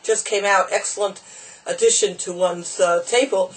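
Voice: mid-range voice, steady tone, moderate pace, fairly bright tone, low-quality recording. A teacher giving an informal Torah lesson, chatty and digressive, mixing in Hebrew and Yiddish terms.

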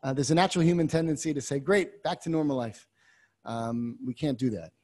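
A man teaching a class on a biblical text, moving from quiet asides to loud, impassioned readings and using many Hebrew terms. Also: fairly high pitch, brisk. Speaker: Torah teacher.

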